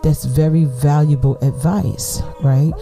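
A woman's voice: deep voice, steady tone, slow pace, dark tone, faint music behind. A middle-aged woman hosting a podcast, giving casual, slangy advice and laughing often as she talks. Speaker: podcast host.

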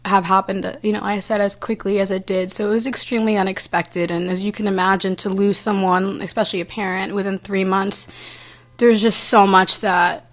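A young adult woman telling a personal story as an interview guest, earnest and halting, with frequent restarts and fillers. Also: mid-range voice, flat delivery.

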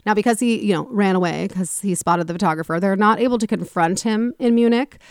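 A woman hosts a casual talk show and retells a story with animated energy, acting out each person she describes. Her voice sits at a middling pitch. The recording is close and dry, with no room echo. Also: brisk. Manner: animated retelling, acts out quoted people with swearing. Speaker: podcast host.

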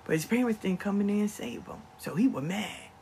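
An older grandparent telling a family story to viewers in an animated, conversational vlog monologue. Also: medium pitch, fairly quick, creaky, a little hiss or hum. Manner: animated, acts out family members' voices. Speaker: vlogger.

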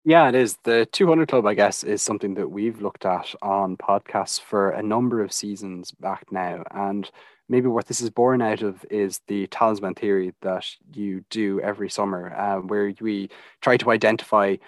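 A man, co-hosting a podcast in a measured, explanatory way. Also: lowish voice, no room sound. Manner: measured, explanatory, data-heavy. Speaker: podcast co-host. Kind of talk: analytical podcast chat.

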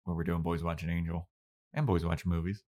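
Laid-back man with a lowish voice. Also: flat delivery, fast, warm tone. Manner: laid-back, swears freely, acts out characters' lines. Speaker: podcast co-host. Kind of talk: casual chat recapping a TV episode.

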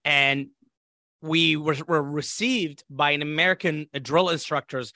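A man's voice: fairly high pitch, unhurried, no room sound, studio quality. A man from Iraq, a podcast guest, telling a story in casual conversation and acting out the voices of others. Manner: animated, acts out quoted voices. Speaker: interview guest.

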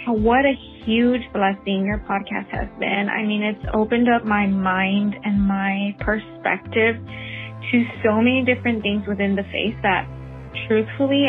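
A woman from Texas calling in to a podcast, speaking gratefully and warmly before asking the host a question. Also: medium pitch. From Texas, USA. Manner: grateful, friendly. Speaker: caller. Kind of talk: call-in message. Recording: tinny phone line.

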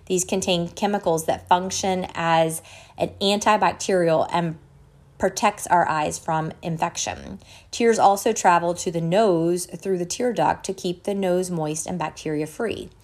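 A woman podcast host reading an article aloud in a measured way, stopping now and then to correct her own slips. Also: fairly low pitch, a little mellow.

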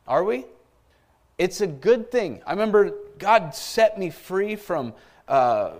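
Middle-aged male pastor, sermon delivery, voice sits a bit high and swings widely, keeps asking the room for an amen. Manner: animated preaching with asides and call-outs for amens.

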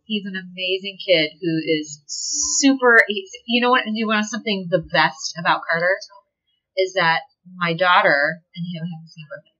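Woman guest, animated storyteller, bright ringing voice, laughs a lot. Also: lowish voice, normal speed, lo-fi sound. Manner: animated, laughs often, swears casually. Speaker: podcast guest, delivery nurse. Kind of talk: casual chat, storytelling.

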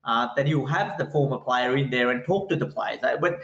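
A man's voice: mid-range voice, brisk. Insistent man on a dull, roomy line. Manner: animated, insistent, repeats points. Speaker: guest author, cricket writer. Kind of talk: casual cricket podcast chat. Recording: dull, roomy remote audio.

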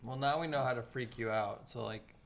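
A man on a casual podcast who cuts in with quick questions and jokes. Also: mid-range voice, gravelly. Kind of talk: casual chat.

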